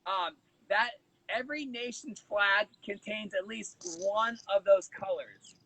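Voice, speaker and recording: A man hosting a casual morning chat with a guest, upbeat, with sudden leaps in pitch. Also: takes it slowly, sharp tone, low-quality recording. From United States. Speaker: host.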